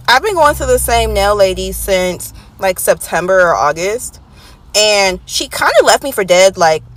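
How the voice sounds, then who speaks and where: A woman's voice: fairly low pitch, fairly bright tone. A woman venting in a casual complaint vlog, exasperated and fed up.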